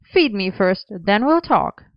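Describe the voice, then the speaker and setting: A woman plays a young male dancer who whinges and teases in a raised, pouty voice. Her tone stays smooth and close-miked. The sound is dry and a little dull. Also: medium pitch, lively intonation, takes it slowly, dry recording, pitched above the performer's own voice. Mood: teasing. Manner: whinging and teasing.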